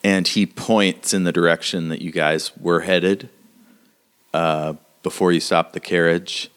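A man narrating a tabletop role-playing game as game master, halting with many fillers. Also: deep voice, steady tone, a bit bright, clean tone.

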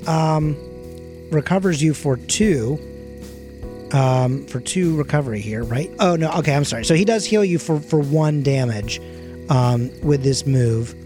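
A man's voice: fairly high pitch, a little slow, dark tone, faint music behind. A man narrating as game master of a tabletop game, full of hesitant ums and uhs.

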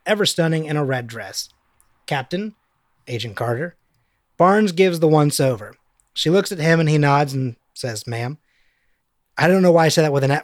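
A man casually recapping a film scene, playfully reading out the dialogue in quick voices. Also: on the high side, no echo, clean studio sound.

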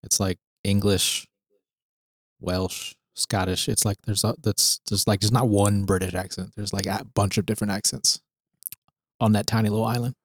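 A man's voice: fairly low pitch, steady tone, normal speed, dry recording, studio quality. A man co-hosting a podcast in casual chat, easygoing and agreeable, laughing often. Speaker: podcast co-host.

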